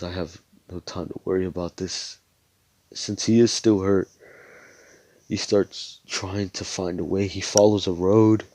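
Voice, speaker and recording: A man's voice: sits low, darkish tone. A young man casually narrating a fan story in a rambling, slangy way, with swearing.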